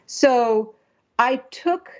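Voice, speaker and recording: A woman's voice: on the high side, very slow, highs cut off. A woman giving a conversational critique of a story draft, thinking aloud and asking herself questions as she works. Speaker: writing editor.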